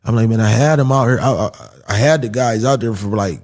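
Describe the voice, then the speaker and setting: A young man casually telling a story, animated and swearing, acting out the voices of the people in it. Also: mid-range voice, quick pace.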